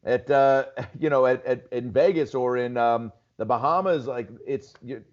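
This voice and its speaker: A man's voice: mid-range voice, unhurried, highs cut off. A man from Seattle, a stand-up comedian, chatting loosely as a podcast guest, full of "dude" and "like". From Seattle, USA. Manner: loose storytelling, lots of "dude" and "like". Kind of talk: casual podcast chat.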